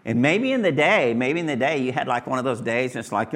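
A middle-aged man preaching a sermon in a relaxed, folksy way, talking to his congregation like neighbors. His voice is mid-pitched with a gravelly edge. He circles back and repeats his key phrases. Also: fairly quick, few pauses. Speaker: pastor. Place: church hall with congregation.

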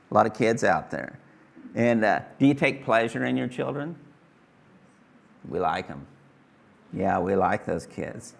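A man's voice: fairly low pitch, gravelly, a bit bright. A middle-aged man preaching a sermon to his congregation in a folksy, conversational way, repeating his phrases. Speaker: pastor. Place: church hall with congregation.

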